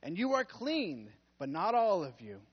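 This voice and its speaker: A young man preaching a casual sermon as pastor, playful and jokey, laughing often and acting out quotes loudly. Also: sits high, wildly swooping pitch, measured pace, husky. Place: church. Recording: dull muffled sound.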